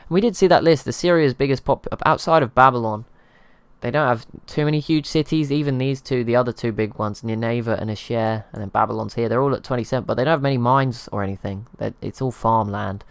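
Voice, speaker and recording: Speaking fast in a smooth, medium-pitched voice, a man runs commentary on his gaming channel over strategy gameplay, captured in a dry recording. His talk is rambling and self-deprecating, punctuated by laughs at himself.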